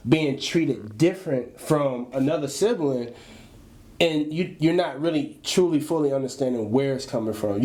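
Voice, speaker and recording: A young man co-hosting a podcast, talking in a slangy, relaxed casual chat and often repeating his phrases. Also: mid-range voice. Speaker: podcast co-host.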